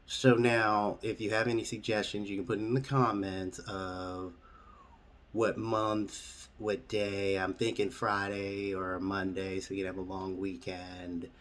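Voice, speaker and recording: A man telling an absurd comic story straight, in a matter-of-fact, deadpan way. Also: low voice, measured pace. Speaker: storyteller host.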